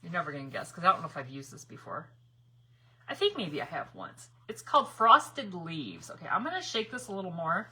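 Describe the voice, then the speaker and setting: A woman's voice: fairly low pitch, big pitch swings, a little fast, pushed and bright, breathy edge. A middle-aged woman hosting a live crafting stream, chatting bubbly with viewers, rambling and laughing often. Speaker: craft livestream host.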